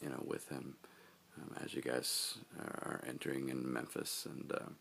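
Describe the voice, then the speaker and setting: A man leading a group, giving relaxed, halting closing remarks full of fillers. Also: extremely low pitch, vocal fry, a little hiss or hum. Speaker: group leader addressing a mission team.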